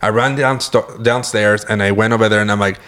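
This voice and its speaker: A man's voice: lowish voice, a little fast. A young man from California co-hosting a podcast, telling stories in a casual chat, acting out his reactions and cursing freely. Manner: animated storytelling, swears freely, acts out his own reactions. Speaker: podcast co-host.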